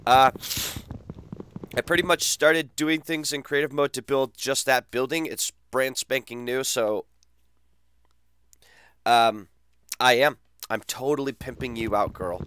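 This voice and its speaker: Smooth-voiced man teasing his stream chat. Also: mid-range voice, fairly even intonation, measured pace, pauses often, a bit bright. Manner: crude, teasing banter with chat. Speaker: gaming streamer. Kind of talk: casual live-stream chat.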